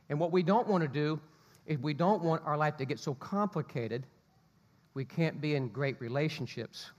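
A man preaching a sermon, an animated storyteller who acts out the quotes he tells. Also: a little high, long reverb tail, lo-fi sound, a little hiss or hum. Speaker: pastor.

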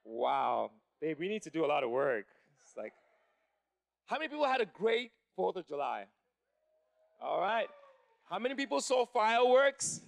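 A man in his thirties works a live crowd with a stand-up story. His voice sits high and carries a gravelly rasp, and he gets louder and more animated as the story builds. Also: moderate pace, long pauses. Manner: animated, building to shouting in excitement. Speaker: stand-up comedian.

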